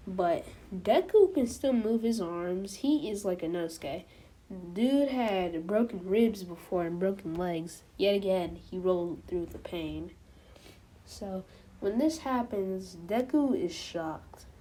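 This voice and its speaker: A woman's voice: mid-range voice, warm tone. A woman casually retelling a fan-made story, rambling along with lots of fillers and stopping to correct herself. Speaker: channel host.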